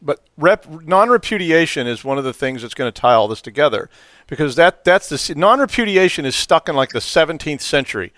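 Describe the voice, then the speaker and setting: A man in a casual panel discussion, telling stories in a joking, animated way. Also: a little high, brisk, no room sound.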